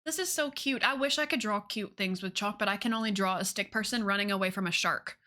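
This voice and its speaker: A woman's voice: mid-range voice, quick pace, bright, forceful tone. A woman streamer chatting casually with her viewers, bubbly and giggly. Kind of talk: casual chat with viewers while drawing.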